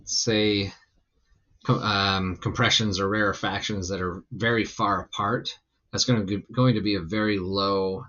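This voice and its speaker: A man's voice: deep voice, highs cut off. A man teaching a physics lesson in a recorded lecture, explaining loosely with lots of ums and restarts. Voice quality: gravelly when relaxed. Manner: loose, rambling explanation with many fillers.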